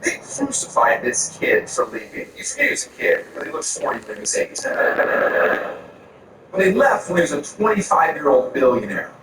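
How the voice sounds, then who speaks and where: A man from Florida with a somewhat high voice doing stand-up, ranting crudely. He is heard from a distance in a very echoey room, with steady noise behind him. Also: normal speed. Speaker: stand-up comedian. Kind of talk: stand-up set. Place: comedy club stage. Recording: echoey room from far off, audience ambience.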